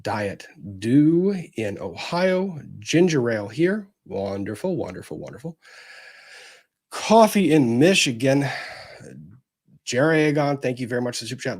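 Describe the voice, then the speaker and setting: A man's voice: medium pitch, lively intonation, measured pace. A man hosting a casual livestream, chatting upbeat and reading out viewer comments. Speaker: livestream host.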